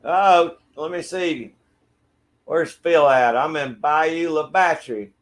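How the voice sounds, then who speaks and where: A man's voice: fairly high pitch, slow. Laid-back Southern man chatting with viewers. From Georgia, USA. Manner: friendly, laid-back, greets viewers by name. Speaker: livestream host. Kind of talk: casual chat reading viewer comments. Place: backyard shed.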